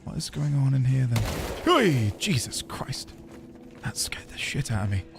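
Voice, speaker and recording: A man's voice: medium pitch, normal speed, vocal fry, over music. A man giving casual live-stream commentary, chatting with viewers while he plays and thinks aloud. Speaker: streamer playing a video game.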